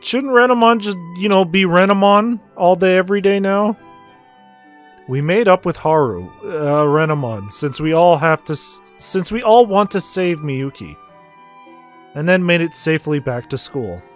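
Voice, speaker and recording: A man's voice: high voice, lively intonation, normal speed, soft background music. A man streaming a video game, casual and wry, with offhand swearing and asides. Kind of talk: casual gameplay commentary.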